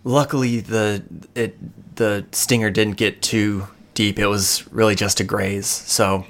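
Man playing a gentle female healer, calm and reassuring, low voice, tabletop game. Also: takes it slowly.

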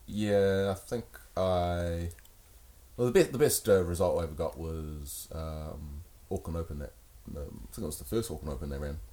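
A man, a guest in a casual chat, speaking hesitantly with many pauses and fillers. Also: low-pitched, warm tone.

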